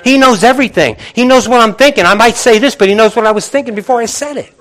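Middle-aged male pastor, high voice, lively conversational preaching with acted-out asides. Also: fast. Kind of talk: sermon.

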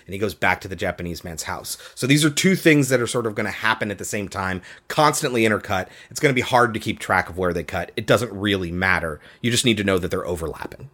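A low-voiced man walks through a film plot on a casual podcast. He retells it with lively swings, dropping into jokey voices for the characters he quotes. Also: quick pace, hardly any pauses. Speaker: podcast host.

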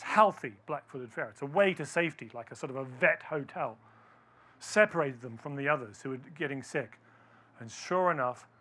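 High, bright-voiced man telling an audience a story. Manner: asks the audience questions, animated storytelling. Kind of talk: storytelling talk to a live audience.

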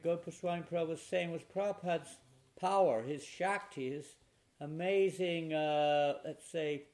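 An older man speaking at a spiritual retreat tells a funny personal story to a live audience. His voice is a little high and his pace measured, and he's an animated, humorous anecdotal storyteller.

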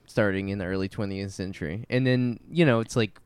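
A man in a casual chat, animated, agreeing often and laughing readily. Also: fairly low pitch, fairly quick, clear, resonant tone, no echo.

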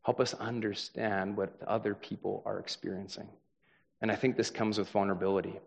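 A young adult man preaches a sermon in a fairly low voice. His delivery is conversational and earnest, and he keeps checking in with the congregation with frequent "right?" asides. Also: level tone, fairly quick, vocal fry. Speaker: pastor.

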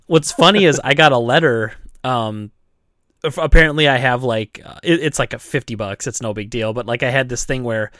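A man's voice: mid-range voice, brisk, no echo, clean studio sound. A man, a store owner, chatting casually on a podcast, telling a story with laughs and acted-out voices. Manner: animated, laughing, acts out voices.

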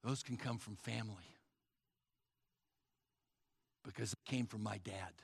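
A man's voice: fairly low pitch, measured pace, vocal fry, breathy edge, long reverb tail. A male pastor preaching a sermon with emphatic repetition, often addressing the crowd as folks.

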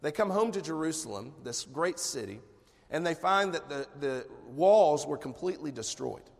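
A man preaching a sermon as pastor, telling a personal story in a relaxed, conversational way and often clearing his throat. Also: fairly high pitch, moderate pace, big-room sound. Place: church sanctuary.

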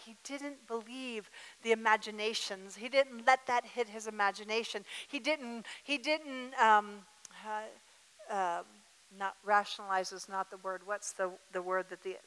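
A woman's voice: medium pitch, fairly bright tone. A woman preaching a sermon with emphatic repetition, acting out what to say back. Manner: emphatic, repeats words, acts out dialogue. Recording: reverberant hall.

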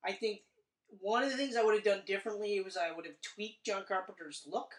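A woman tears into a film's choices in loose, profane talk, keeping up a steady stream of opinions. Her voice sits at an ordinary middle pitch. It carries a roomy echo, picked up from some distance away from the mic. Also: brisk. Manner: blunt, sweary, animated critique. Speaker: podcast co-host. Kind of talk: casual movie review chat.

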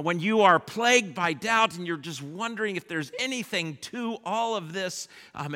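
A man preaching a sermon in a bright, high voice that carries a long reverb from the hall. He speaks slowly and swings from loud rallying calls to hushed lines. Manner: leads the congregation in a repeated refrain. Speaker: pastor. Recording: echoey church hall.

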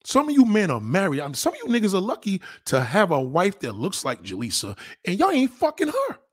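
Husky guy going off on a crude rant, voice jumping all over, dry sound. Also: sits high, wildly swooping pitch, a little fast, no room sound. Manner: blunt, crude and heated, addressing viewers directly. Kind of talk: profane relationship rant.

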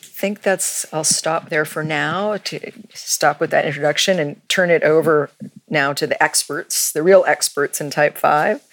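A woman moderating a panel who gently invites a guest to speak, with some fillers. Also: sits low, a little slow.

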